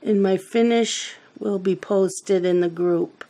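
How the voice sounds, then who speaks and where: Speaking slowly in a warm, steady, medium-pitched voice, a middle-aged coloring channel host talks casually while she colors. She wanders off into long family stories as she goes.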